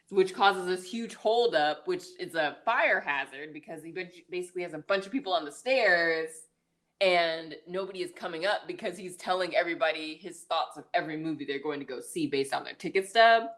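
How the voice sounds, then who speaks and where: Recapping a film on a podcast she co-hosts, a woman speaks at normal speed in a lowish, slightly bright voice. Her delivery is chatty and casual, peppered with "like" and "um," with occasional laughs as she tells the story.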